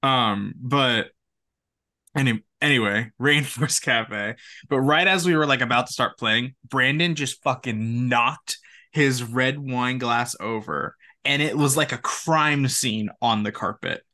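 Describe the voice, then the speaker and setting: Young male co-host, bright edgy voice, animated casual storyteller. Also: medium pitch, a little slow. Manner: animated, laughing, quotes friends in voices. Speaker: podcast co-host.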